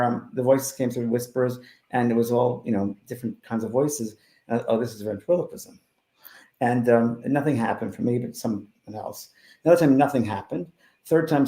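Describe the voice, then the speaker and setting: A man who is a spiritual medium, telling stories in a casual interview and swinging between loud and hushed. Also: medium pitch. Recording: roomy echo.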